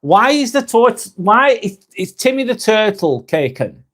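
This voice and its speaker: A man's voice: sits high, big pitch swings, a little slow, fairly bright tone. A man hosting a casual live vlog, reading viewer comments aloud and chatting back to them.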